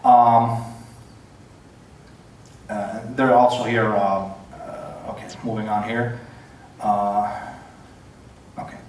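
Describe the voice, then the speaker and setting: A man giving an opening statement in a debate, halting and full of fillers and restarts. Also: lowish voice, level tone, a little mellow, slight background noise. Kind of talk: formal debate presentation. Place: large church hall. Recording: very echoey hall, distant mic.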